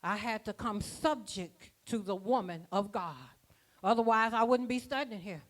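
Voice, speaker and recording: A woman's voice: mid-range voice, moderate pace. A woman preaching a sermon at a church conference, folksy and rhythmic, with plain dialect grammar. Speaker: apostle preaching.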